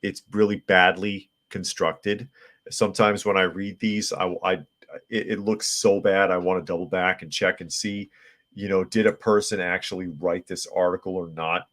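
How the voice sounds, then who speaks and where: A man's voice: sits low, little pitch movement, normal speed, a bit bright. A man hosting a live podcast, reading viewer comments and news articles aloud with blunt opinions and frequent restarts. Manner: frequent restarts and filler words. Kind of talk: casual live-stream commentary.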